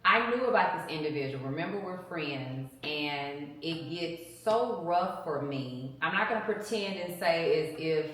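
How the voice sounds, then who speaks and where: A woman's voice: sits low, expressive, unhurried, few pauses, fairly bright tone. Earnest woman sharing her testimony. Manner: earnest, emphatic storytelling with religious fervor. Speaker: guest sharing marriage testimony. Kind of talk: casual testimony chat. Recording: echoey room, mic at a distance.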